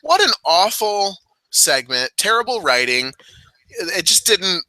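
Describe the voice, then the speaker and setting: A man's voice: sits high, sing-song, measured pace, sharp tone, no room sound, poor audio. A man from Illinois co-hosting a wrestling podcast in loose, profane casual chat, laughing often. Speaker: podcast co-host.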